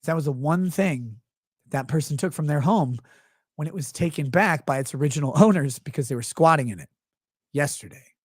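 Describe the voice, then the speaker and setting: A man's voice: a little high, a little fast, breathy edge, no echo, studio quality. A man hosting a livestream, ranting about everyday gripes with profanity and sarcasm, and reading chat messages aloud. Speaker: livestream host.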